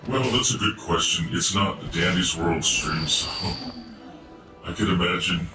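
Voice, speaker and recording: A man streaming a game live through a voice changer, chatting casually to his viewers. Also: low voice. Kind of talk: live gameplay stream commentary. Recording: echoey room, far from mic, game music.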